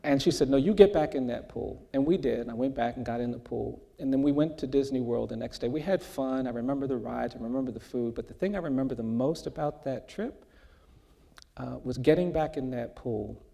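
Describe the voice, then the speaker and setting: A man in his sixties, a guest speaker in an onstage conversation, telling a personal story in a measured, earnest way. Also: medium pitch, creaky, warm tone. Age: 60s. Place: large hall before an audience. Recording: long hall reverb.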